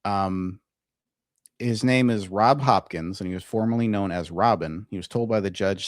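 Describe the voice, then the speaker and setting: A man's voice: lowish voice, normal speed, no echo, studio quality. A man hosting a casual reaction commentary, talking in a profane, incredulous way. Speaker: commentary host.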